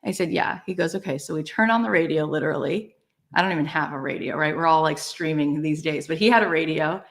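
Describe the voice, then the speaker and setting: A woman guest in a conversational interview, telling a personal story in an animated way with exclamations and casual fillers. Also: sits low, fast, vocal fry. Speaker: podcast guest.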